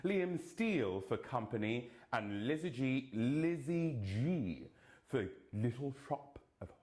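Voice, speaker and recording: A man announcing award nominations, reading the names deliberately and dropping playful, camp jokes between them. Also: medium pitch, animated, darkish tone.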